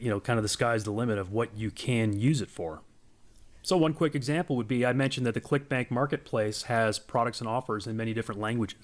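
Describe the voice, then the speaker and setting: A man giving a casual, explanatory walkthrough of a software product on screen. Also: mid-range voice. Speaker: software demo presenter.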